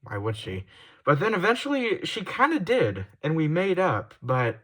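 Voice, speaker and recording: Young man in a heated, halting confession. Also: a little high, big pitch swings. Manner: heated, swearing, apologetic; halting restarts, trailing off quietly. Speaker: YouTuber. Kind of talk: confessional vlog monologue.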